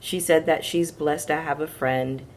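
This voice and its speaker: A woman's voice: deep voice, fairly even intonation, unhurried, slight background noise. A woman hosting a casual reality TV recap, chatting frankly to her viewers and acting out the quotes as she retells each scene.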